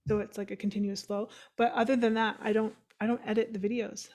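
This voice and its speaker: A woman hosting a casual podcast chat over a video call, chatty, encouraging and quick to laugh. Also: mid-range voice, flat delivery, a little mellow. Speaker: podcast host.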